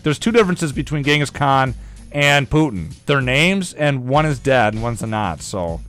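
A man's voice: medium pitch, animated, normal speed, a bit bright, faint music behind. A man hosting a casual, jokey news chat on a radio show, rambling between stories. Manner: rambling, jokey, breaks into mock singing.

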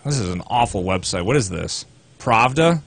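A man's voice: on the low side, expressive, normal speed, creaky, husky. A man co-hosting a casual talk show, reading news articles aloud with sarcastic asides. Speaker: co-host.

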